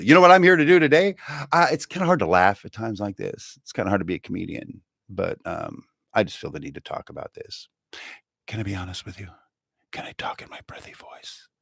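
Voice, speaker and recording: A man hosting a live comedy show, rambling and joking to camera, jumping between loud bursts and low mutters. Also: dry recording, clean studio sound. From United States.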